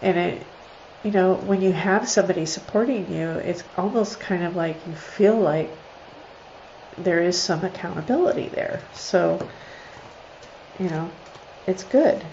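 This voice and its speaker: A woman's voice: lowish voice, unhurried, a little mellow, highs cut off, slight background noise. A woman chatting casually on a live stream from home, reading cards for viewers and laughing often. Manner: chatty, laughs often, soothes her dogs. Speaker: live stream card reader. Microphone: computer or phone on a live video stream.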